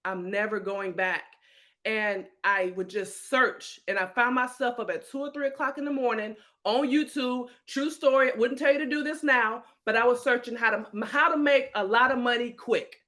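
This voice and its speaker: A woman, a real estate coach telling her life story as a podcast guest, animated and emotional. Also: a little high, moderate pace, few pauses.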